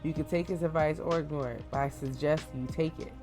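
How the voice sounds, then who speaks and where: A dry, commanding male government director who briefs his team with authority, read aloud by a reaction host. He gives his orders in a flat, matter-of-fact way. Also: mid-range voice, a little fast, music in the background, lightly acted.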